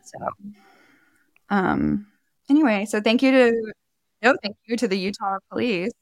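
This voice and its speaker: A woman co-hosting a podcast, telling a story in a lively, laughing way and acting out the people she quotes. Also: medium pitch, measured pace, dry recording, studio quality. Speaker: podcast co-host. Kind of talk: casual storytelling chat.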